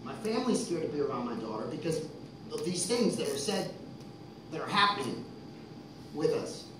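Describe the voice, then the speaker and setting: A man's voice: fairly high pitch, big pitch swings, moderate pace, background noise. A man in his thirties from Texas, telling a long rambling story between songs at a live show, profane and getting worked up. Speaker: musician telling a story on stage. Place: concert venue, live audience. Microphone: stage microphone. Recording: echoey live concert recording from far off.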